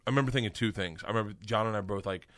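A middle-aged man, a comedian guest, telling an animated story with lots of swearing and high-pitched quoted voices. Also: rapid-fire. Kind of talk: casual storytelling.

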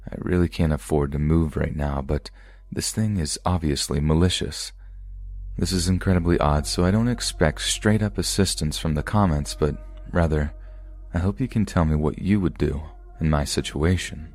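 A man reading true scary stories aloud as a podcast narrator, in a calm, even storytelling delivery. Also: a bass voice, moderate pace.

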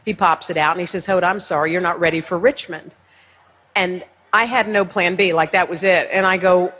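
A woman with a husky voice tells a story from a stage to a live audience. She is lively and self-mocking and acts out what other people said to her. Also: medium pitch, a little fast. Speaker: speaker. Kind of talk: storytelling keynote speech.

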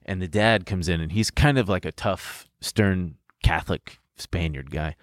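A man's voice: low-pitched, unhurried, no echo, studio quality. A young adult man on a podcast, telling a personal story in a rambling way, swearing and laughing as he goes. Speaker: podcast co-host. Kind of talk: casual storytelling chat.

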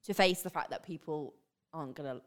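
A young woman from northern England, her accent softened by years in the south, chatting openly and animatedly as a guest on a podcast. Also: low-pitched, fairly quick. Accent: northern English, softened by years in the south. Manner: animated, drops into silly put-on voices. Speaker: online creator, guest. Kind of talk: casual podcast chat.

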